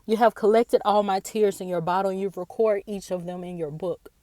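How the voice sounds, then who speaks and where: Woman, earnest devotional talk, halting and repetitive, tearful, dry close sound. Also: mid-range voice, steady tone, dark tone, no echo. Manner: earnest, halting, repeats words. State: tearful after a day of crying. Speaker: faith speaker.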